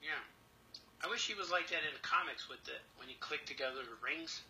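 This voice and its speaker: A man's voice: on the high side, fairly quick, pushed and bright, a little hiss or hum, poor audio. A man co-hosting a live stream, chatting casually and eagerly about old cartoons he loved. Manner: enthusiastic, nostalgic cartoon fan. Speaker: co-host. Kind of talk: casual chat. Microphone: headphones.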